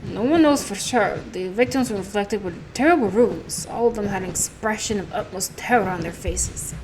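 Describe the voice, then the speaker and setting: A woman's voice: medium pitch, normal speed, noisy background, close to an everyday voice. A woman voicing a formal, polite male investigator with a put-on European accent, reading game dialogue aloud.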